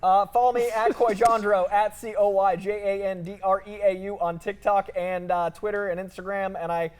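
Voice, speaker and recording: A man's voice: sits high, level tone, moderate pace, darkish tone, smooth. An enthusiastic, jokey man co-hosting a casual panel chat. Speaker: co-host.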